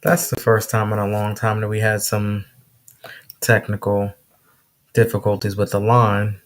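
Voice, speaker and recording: A man hosting a casual podcast interview, laid-back and quick to laugh. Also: lowish voice, level tone. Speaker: podcast host.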